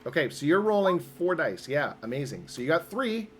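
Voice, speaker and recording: A man's voice: on the high side, sing-song, moderate pace, slight background noise. A man running a tabletop roleplaying game as game master, upbeat and patient as he explains the rules step by step.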